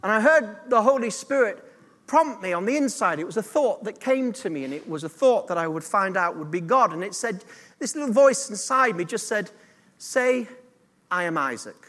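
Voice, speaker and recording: A man's voice: sits high, expressive, a little fast, fairly bright tone, in a large hall. A man preaching a sermon as pastor, earnest and direct, drawing the congregation into call-and-response.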